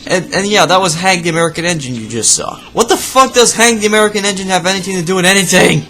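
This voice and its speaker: A man's voice: high voice, lively intonation, fast, sharp tone, faint music behind. A man giving sarcastic, profane reaction commentary on a video, ranting at what he sees. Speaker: video reviewer.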